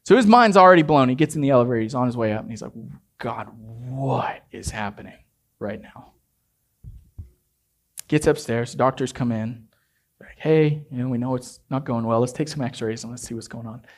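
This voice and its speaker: A man preaching a sermon as a pastor, telling a story in a hushed, intimate way and rising to emphatic exhortation. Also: medium pitch, normal speed.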